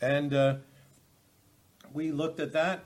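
A man teaching a Bible study, halting often with fillers and restarts as he reads and explains verses. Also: on the high side, level tone. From United States.

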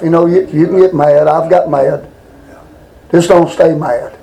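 A man preaches in a folksy, rambling way, telling homespun stories and turning to his listeners with asides. His voice sits high for a man. He sounds a little off mic, in a roomy, echoing hall. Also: steady tone, moderate pace, a little mellow, recorded from a distance. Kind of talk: folksy storytelling sermon.

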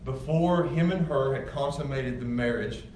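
A man's voice: medium pitch, moderate pace, darkish tone. Guy pastor preaching, kinda chatty and emphatic, echoey room, faint background hum. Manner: conversational, emphatic preaching with repeated restarts. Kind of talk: sermon. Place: church sanctuary with congregation. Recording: echoey room, far from mic, faint ambience.

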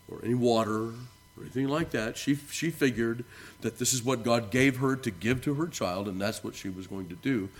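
A male pastor delivering a sermon in a mid-pitched voice. He leans hard into important words and lets the ends of phrases fall away softly. When he reads scripture, his voice climbs and declaims. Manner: earnest preaching, rising for emphasis and dropping soft at phrase ends.

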